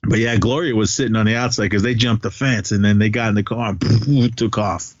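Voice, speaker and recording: A man co-hosting a podcast in casual movie chat, retelling scenes with lively put-on voices and frequent laughs. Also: lowish voice, brisk, highs cut off. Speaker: podcast co-host.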